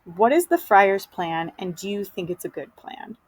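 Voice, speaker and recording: A woman's voice: mid-range voice, big pitch swings, moderate pace, dry recording, rough recording. A woman teacher giving a casual, chatty lesson summary, full of fillers.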